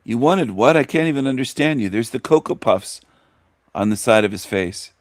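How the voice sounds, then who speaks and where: A man's voice: medium pitch, animated, normal speed, no echo, studio quality. A man hosting a show, giving mocking commentary in a sneering, ranting way that repeats itself. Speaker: host.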